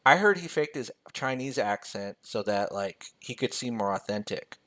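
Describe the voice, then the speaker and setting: A man raised in the United States walks through a finance spreadsheet, reading numbers aloud as he types. His manner is loose and jokey, like a friendly mentor. His voice sits at an ordinary middle pitch for a man. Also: lively intonation, moderate pace, fairly bright tone. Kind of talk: screen-share spreadsheet tutorial.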